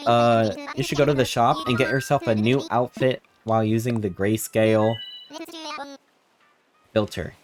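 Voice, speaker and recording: A man's voice: medium pitch, a little fast. A man streaming a game, playful and jokey as he chats with his viewers. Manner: playful and jokey, chatting with chat. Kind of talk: casual gameplay commentary. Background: game music.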